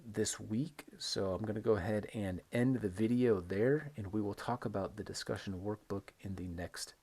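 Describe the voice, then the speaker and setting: A man teaching an English lesson on video, modeling intonation slowly and emphatically and checking in with "right?" between examples. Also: fairly low pitch, mellow, slightly rough. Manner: repeats words for stress, frequent "right?" checks. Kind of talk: recorded online lesson.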